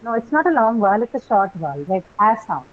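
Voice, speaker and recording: Woman teaching a pronunciation class, middle pitch, repeats words patiently; slightly dull recording. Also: very animated, fast talker. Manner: patient, spells words out letter by letter and repeats them. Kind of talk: live class instruction.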